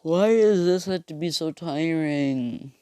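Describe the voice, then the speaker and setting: A drained teenage boy drawls in a flat, blunt way, unimpressed by anything, voiced by a man in a fan retelling. Close, dry sound with no room. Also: medium pitch, unhurried, gravelly, dry recording. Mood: weary. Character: tired, blunt teen boy hero turned dark.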